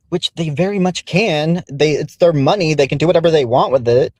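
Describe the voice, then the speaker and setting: A man giving a measured, argumentative opinion monologue. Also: on the high side, darkish tone, no echo.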